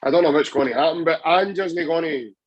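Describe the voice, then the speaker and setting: A man's voice: on the high side, fast, husky, no room sound, dull audio. A Scottish man chatting passionately about football on a podcast, rambling with many restarts. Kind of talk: casual football chat.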